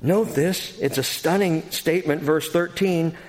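A pastor preaching an expository sermon, earnest and emphatic, going from quiet passages to loud ones. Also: male voice, on the high side, unhurried. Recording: long hall reverb.

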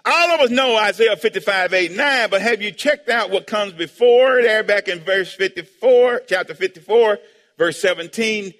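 Bright, high-voiced preaching man. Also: normal speed. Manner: call-and-response, asking the congregation for amens and answers; preaching with sudden loud shouts. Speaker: pastor. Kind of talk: sermon. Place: church sanctuary. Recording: long hall reverb.

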